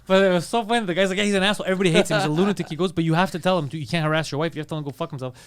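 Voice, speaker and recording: A man co-hosting a comedy podcast, telling a story with animated, acted-out quotes. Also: fairly high pitch, racing, clean tone. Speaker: podcast co-host. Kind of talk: casual comedy podcast chat. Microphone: studio podcast mic.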